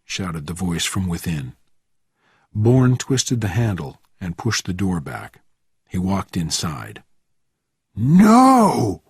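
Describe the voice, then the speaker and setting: A man reading a story slowly and expressively for English learners. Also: deep voice, expressive, a little mellow, husky, no room sound, studio quality. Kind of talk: scripted narration for English learners.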